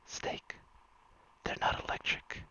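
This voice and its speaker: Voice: slow, bright, forceful tone, rough recording. A streamer whispering the lines of an exasperated male commander over the radio, as whispered role-play.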